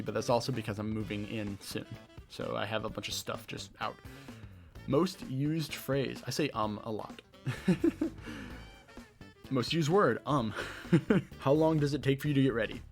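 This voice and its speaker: A young man with a light Southern American accent, answering rapid-fire questions on his own podcast, rambling and laughing at himself. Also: mid-range voice, expressive, faint music behind. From Southeastern United States. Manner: rambling, self-deprecating, laughs often. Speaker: podcast host. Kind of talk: casual Q&A monologue. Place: his bedroom.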